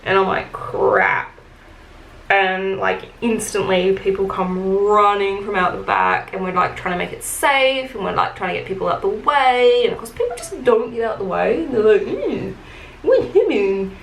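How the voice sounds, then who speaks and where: A beauty vlogger in a room at home chats through a casual storytelling rant while doing her makeup, her medium-pitched, slightly bright voice carrying vocal fry and plenty of "like" and "um." She talks at a moderate pace with few pauses. The room is echoey, with faint background hiss.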